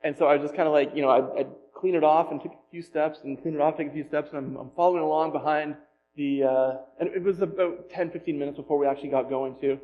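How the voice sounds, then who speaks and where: Pastor guy telling a funny story in his sermon, kinda high voice, slightly muffled recording w/ faint hum. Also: quick pace. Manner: storytelling, self-deprecating humor, animated retelling.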